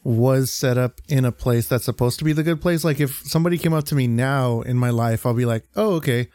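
A man's voice: medium pitch, a little fast, dark tone, dry recording. Laid-back jokey podcast co-host man. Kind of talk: casual chat.

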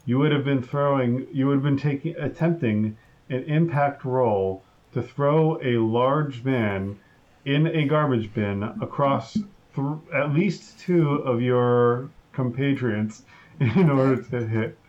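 A man running a tabletop game as game master, talking slowly with frequent fillers and pauses. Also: medium pitch, darkish tone, muffled recording. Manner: slow, halting, with many fillers.

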